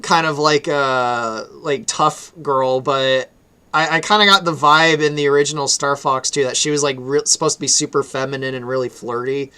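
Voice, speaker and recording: A man's voice: medium pitch, fairly even intonation, normal speed, bright, forceful tone, smooth. An American man hosting a live stream, chatting casually about his fan game and laughing often. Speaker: stream host and game developer.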